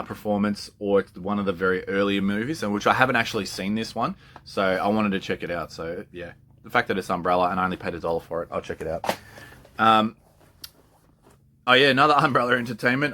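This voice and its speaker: A man's voice: fairly low pitch, sharp tone. A man chatting casually and with enthusiasm, often laughing and swearing freely. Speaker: collector. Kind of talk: casual chat.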